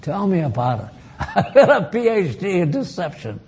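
A man's voice: sits high, sing-song, normal speed, darkish tone. An older man preaching a folksy sermon, bantering with the congregation and chuckling at his own asides.

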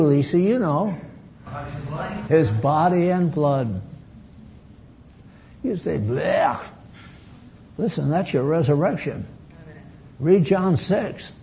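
A man's voice: on the high side, warm tone, a little hiss or hum. An older man preaching a folksy sermon, bantering with the congregation and chuckling at his own asides.

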